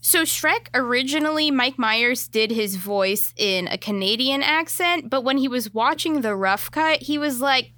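Woman, podcast co-host, casual chat, deadpan humor, sharp bright tone. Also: high-pitched, no room sound. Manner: dry, deadpan jokes and quick fun facts.

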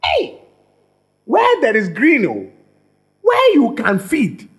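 A man preaching in an animated, repetitive way, often stumbling and restarting his words. His voice sits high and swings widely in pitch. He takes his time, with a slow, unhurried delivery. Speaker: pastor. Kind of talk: sermon.

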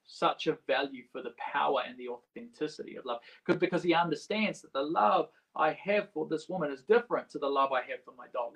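A man preaching a sermon in a casual, halting way, restarting often and swinging between quiet and loud. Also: on the high side, poor audio. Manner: halting, with many restarts and a wide swing in loudness. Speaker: pastor.

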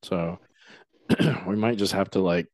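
A man hosting a casual podcast, relaxed and a bit mumbly, often trailing off. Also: low-pitched, slow pace, no echo. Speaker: podcast host.

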